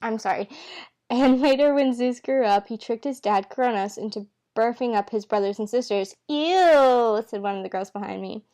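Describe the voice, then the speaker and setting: A woman reading a novel aloud at home in a relaxed, unpolished way. She trips over words, backs up and rereads them. The characters' lines come in her own plain voice. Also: on the high side, fairly quick. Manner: stumbles and corrects herself with asides. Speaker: amateur reader. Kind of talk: casual read-aloud of a novel.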